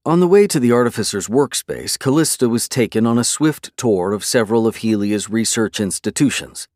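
An audiobook narrator with a mid-range voice reads a fantasy novel in a steady, measured storytelling style. The studio-quality recording has no room sound.

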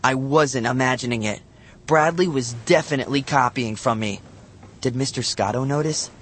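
Expressive male audiobook narrator. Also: medium pitch, moderate pace. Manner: lively, expressive storytelling. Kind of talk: audiobook narration of a children's novel.

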